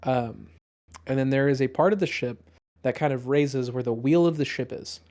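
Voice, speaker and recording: A man's voice: medium pitch, moderate pace, a little mellow. A man narrating a tabletop game as dungeon master, rambling with many fillers.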